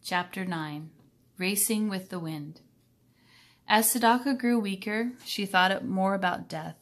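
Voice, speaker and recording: A woman reading a children's novel aloud in a calm, even storytelling manner. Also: mid-range voice, a little slow. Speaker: reader.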